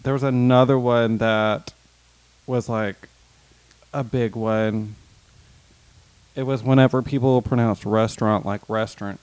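A young man co-hosting a casual podcast chat, with wry, deadpan asides. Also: mid-range voice, measured pace, pauses often, clear, resonant tone, dry recording, rough recording. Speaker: podcast co-host.

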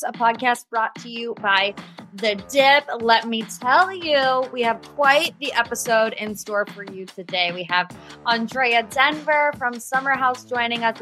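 A woman's voice: fairly high pitch, pushed and bright. A young woman hosting a pop culture podcast, chatty and gossipy with sarcastic asides. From Ohio. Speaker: podcast host. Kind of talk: casual pop culture commentary.

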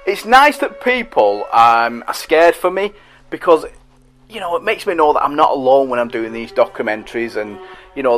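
A man's voice: medium pitch, a bit bright. A middle-aged man who hosts a podcast and reads out listener messages in a chatty, rambling, self-deprecating way. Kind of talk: casual monologue.

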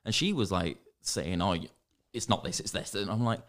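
A young man from Northern England with a Yorkshire accent co-hosts a podcast, telling a story in casual chat, swearing a lot and animatedly acting out what people said. His voice sits low and his pace is moderate.

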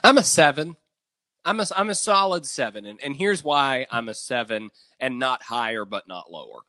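Bright-voiced male sports co-host, dry sound. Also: mid-range voice, normal speed, no room sound. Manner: animated, confident opinions, reads ad copy smoothly. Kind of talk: live-streamed sports talk.

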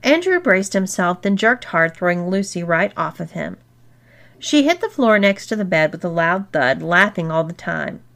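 A woman narrating an erotic story in a steady, expressive reading voice. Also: fairly low pitch. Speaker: story reader.

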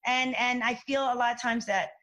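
A woman talking candidly in a casual conversation, animated, with many restarts and fillers. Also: fairly high pitch, moderate pace, dull audio.

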